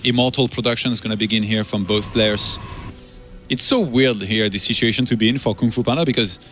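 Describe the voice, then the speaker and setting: A man's voice: lowish voice, steady tone, fairly quick, a bit bright, soft background music. Male esports caster breaking down the game. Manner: analytical, breaks down the game state. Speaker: esports commentator. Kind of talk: live game commentary.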